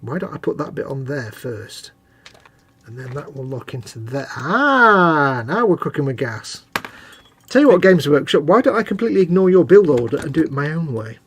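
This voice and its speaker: A man's voice: on the high side, animated, fairly quick, a little mellow, slight background noise. A man co-hosting a live hobby stream, chatting casually and joking while he puts together a model kit. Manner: jokey, rambling, mocking banter. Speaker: co-host of a model-building stream.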